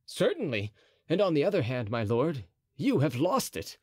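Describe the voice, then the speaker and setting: A man's voice: on the high side, wildly swooping pitch, moderate pace, darkish tone, slightly rough, no echo, clean studio sound, heavily acted. A man voicing a bold, mocking young Gascon swordsman in an audiobook, speaking with teasing courtesy.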